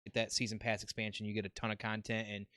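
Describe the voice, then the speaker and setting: Laid-back male podcast host, clear voice. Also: fairly low pitch, level tone, fast talker, pushed and bright, no echo. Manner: laid-back, swearing, rambling gamer talk. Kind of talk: casual chat.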